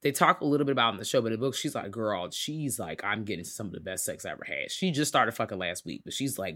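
A podcast co-host recaps a TV series in fast, slangy, casual talk. They're animated and swear, acting out the characters with big jumps in pitch.

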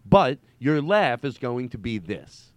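Middle-aged male comedy host, animated pitch, rambling and giggly. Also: slow, no room sound. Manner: laughs often, rambling storyteller. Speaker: podcast host. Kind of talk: casual comedy chat.

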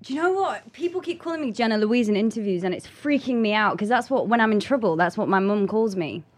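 A woman's voice: medium pitch, expressive, fast talker. A woman, a guest actress chatting casually, self-conscious and trailing off mid-thought. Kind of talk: casual chat.

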